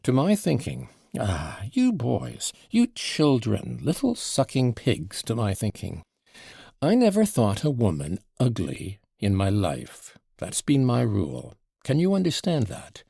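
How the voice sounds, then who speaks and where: Drunken sly old dad, as a guy reads him, gravelly and husky, rambling and taunting, swings his voice all over. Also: medium pitch, wildly swooping pitch, measured pace, warm tone, dry recording, clean studio sound, full character voice. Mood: boastful rambling. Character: drunken lecherous old father, quarrelsome and cunning. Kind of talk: audiobook character reading.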